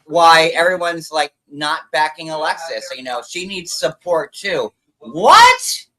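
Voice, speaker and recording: A man's voice: a little high, a little slow, pushed and bright, rough recording. A man hosting a live show recap, gossiping animatedly, mimicking the people he quotes, and talking between bites of food on a computer mic. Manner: talks while snacking. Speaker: host.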